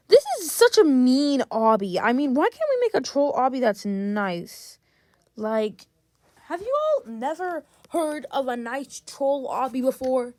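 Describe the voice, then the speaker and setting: A woman's voice: high voice, sing-song, moderate pace, a little mellow, no room sound, studio quality. A young woman giving casual gameplay commentary, chatty and exasperated, talking straight to her viewers. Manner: chatty, exasperated, talks to chat. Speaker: gaming vlogger.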